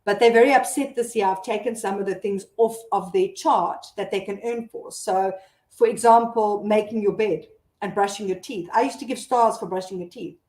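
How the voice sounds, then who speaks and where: Chatty South African mom, roomy sound. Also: female voice, medium pitch, normal speed, a little mellow. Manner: chatty, reads out viewer comments, laughs often. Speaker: mom blogger hosting a live stream. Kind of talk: casual live-stream chat.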